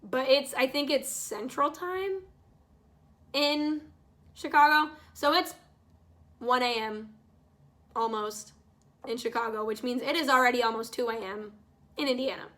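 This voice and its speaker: A woman's voice: high-pitched, measured pace, pauses often, bright, forceful tone. A young woman vlogger telling a story in casual talk, exasperated and swearing freely, acting out what people said. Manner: exasperated, swears freely, acts out quoted lines. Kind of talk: casual storytime while painting.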